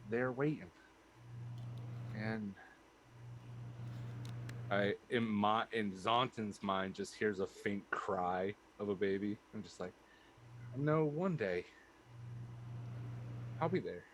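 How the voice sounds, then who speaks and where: A man's voice: on the low side, steady tone, takes it slowly, pauses often, a bit bright, slight background noise, rough recording. A man playing a tabletop game, speaking thoughtfully and hesitantly with many fillers. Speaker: player. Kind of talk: tabletop role-play.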